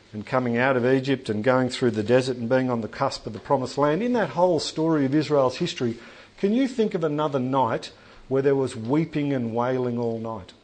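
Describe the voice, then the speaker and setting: A man preaching a sermon in a church hall. His delivery is animated and conversational, with asides and jokes to the congregation. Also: medium pitch.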